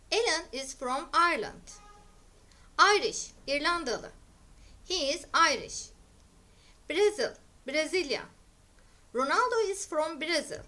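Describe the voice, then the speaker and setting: Woman teacher, high bright voice, slow deliberate vocabulary drill for kids. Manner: clear, deliberate, repeating each word for learners. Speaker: English teacher. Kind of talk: slow vocabulary drill, English word then Turkish meaning.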